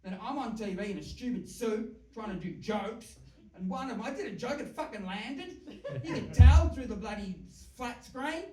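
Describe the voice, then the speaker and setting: A man's voice: very high-pitched, animated, moderate pace, distant mic. A man in his fifties with an Australian accent, doing a crude, self-mocking stand-up set for a live audience. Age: 50s. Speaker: stand-up comedian. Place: live event venue with an audience. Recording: roomy live venue, from the mic, crowd laughter.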